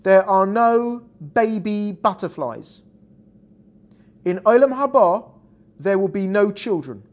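A man's voice: high voice, animated, slow pace, highs cut off. A man teaching a Torah class in an explanatory classroom style, checking in with his students as he goes. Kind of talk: classroom lecture.

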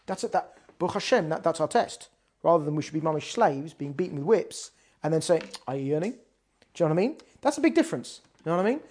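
A woman's voice: low-pitched, lively intonation, quick pace, a little mellow, breathy edge. A woman giving a weekly Torah class on prayer, talking emphatically with frequent restarts. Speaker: Torah teacher.

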